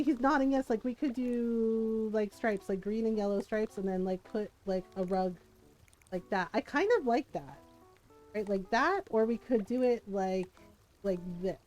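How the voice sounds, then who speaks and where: Streaming a game, this woman in her fifties keeps up a chatty, story-filled conversation, tagging lines with "right?" again and again. Her medium-pitched voice is mellow, though the recording is rough.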